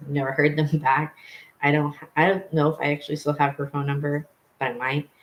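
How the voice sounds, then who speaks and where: A man's voice: fairly high pitch, level tone, fairly quick, lo-fi sound. A young man telling a personal story in a casual vlog, rambling, with many fillers and self-corrections. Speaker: vlogger.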